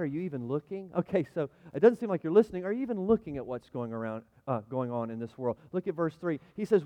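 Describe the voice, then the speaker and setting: High-pitched middle-aged guy preaching, goes from quiet to shouting, echoey big church. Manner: storytelling, swings from hushed to near shouting; dramatic re-enactment of his own cries. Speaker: pastor. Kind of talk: sermon.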